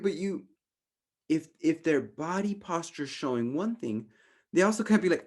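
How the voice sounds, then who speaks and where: A man from Southern California leading a workshop in casual, animated teaching talk, tagging his points with "right?", swearing lightly and laughing at himself. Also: a little high, normal speed. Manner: animated, often ends points with a questioning "right?"; acts out inner voices in raised, playful tones. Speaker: workshop facilitator.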